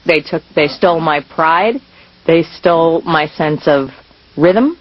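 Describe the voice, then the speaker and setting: A woman doing a dry, deadpan stand-up routine. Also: sits low, slow pace, dry recording, muffled recording. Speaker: stand-up comedian. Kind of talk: stand-up monologue.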